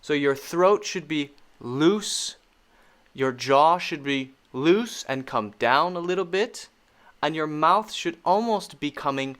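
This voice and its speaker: A man teaching pronunciation, slowly repeating each sound in drills. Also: mid-range voice, expressive, a bit bright. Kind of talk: pronunciation lesson.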